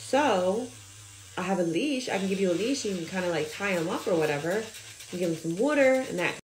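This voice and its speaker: A woman's voice: on the low side, fairly quick, echoey room, slight background noise, low-quality recording. A woman who works as an at-home nail tech, telling a story about a client and acting out what each person said. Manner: animated, acts out quoted dialogue.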